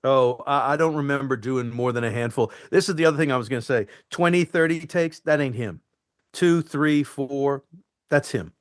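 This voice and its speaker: A man, an actor being interviewed, telling animated stories from film sets and acting out the lines. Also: medium pitch, moderate pace. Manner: animated, acts out quotes and lines. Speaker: actor guest. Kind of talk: anecdotal interview storytelling.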